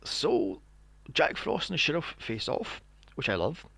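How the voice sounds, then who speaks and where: Podcast host, male, slightly high and very animated delivery, mocking and profane. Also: measured pace, vocal fry, dry recording. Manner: animated, acts out scenes in mocking voices, swears often. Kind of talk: casual movie review chat.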